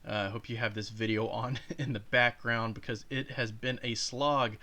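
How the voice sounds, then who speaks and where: A man's voice: medium pitch, fairly even intonation, moderate pace, pushed and bright. A man hosting a reaction video, sarcastic and profane, speaking straight to his viewers. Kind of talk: casual reaction commentary.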